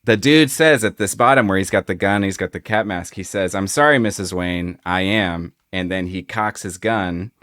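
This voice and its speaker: Seorang pria membawakan podcast bersama, membahas komik dengan santai dan sering ragu memakai kata pengisi. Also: male voice, on the low side, moderate pace, few pauses. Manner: relaxed, hesitant with fillers, retells scenes. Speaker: podcast co-host. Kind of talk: casual comic book discussion.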